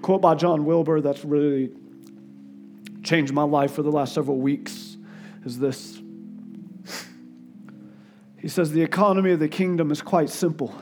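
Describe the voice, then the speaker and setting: A male guest preacher giving an earnest sermon, sometimes emotional and dropping his voice softly for quotes. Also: unhurried, long pauses, faint music behind. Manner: earnest, tearful in places, drops to soft low tones for quotes. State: crying at times.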